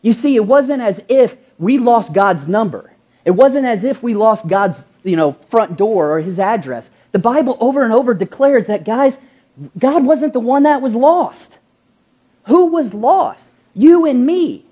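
A woman's voice: fairly high pitch, expressive, a little slow, warm tone, husky. A woman pastor preaching a sermon, asking the congregation rhetorical questions, drawing out key words and acting out everyday quotes. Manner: acts out quoted voices in an everyday tone.

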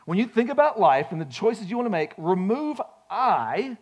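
A male pastor preaching a sermon, folksy and animated, telling stories with frequent restarts. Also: high-pitched, fast. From grew up on a farm.

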